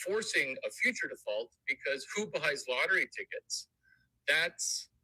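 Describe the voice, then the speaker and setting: Brief: male livestream host, jokey, repetitive lecturer, sharp bright tone, unhurried. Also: mid-range voice, no room sound, rough recording. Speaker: show host. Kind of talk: casual livestream monologue.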